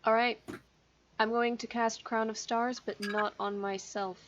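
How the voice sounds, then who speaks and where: A woman playing a tabletop game, explaining her moves deliberately. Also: a little high, level tone. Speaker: player. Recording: dull lo-fi mic with faint noise.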